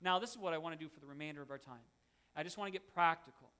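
A man's voice: on the high side, racing, pushed and bright, smooth. A middle-aged man, a pastor, preaching a sermon in an earnest, conversational way with self-deprecating asides.

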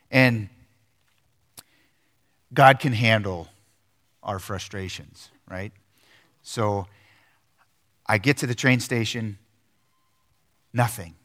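A man's voice: mid-range voice, takes it slowly, pauses often, a bit bright. A middle-aged man preaching a sermon in a church sanctuary, telling a personal story earnestly, with frequent restarts and filler words. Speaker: pastor.

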